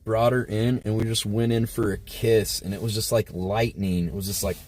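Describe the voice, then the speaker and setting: A man's voice: on the low side, little pitch movement, normal speed, a little mellow, slight background noise. A man hosting a livestream, telling a crude story in a rambling, casual way with lots of filler words. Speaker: livestream host. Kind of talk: casual storytelling to a live chat.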